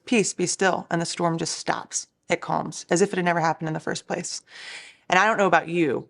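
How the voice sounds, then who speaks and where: Earnest woman with a lowish voice. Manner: earnest, encouraging, conversational. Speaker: Christian recording artist. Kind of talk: devotional talk.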